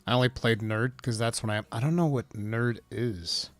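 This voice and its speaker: A man's voice: medium pitch, moderate pace, no echo, faint music behind. A man hosting a casual live stream, rambling through gaming news and reading chat aloud. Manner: rambling, reads chat aloud, bursts of laughing excitement.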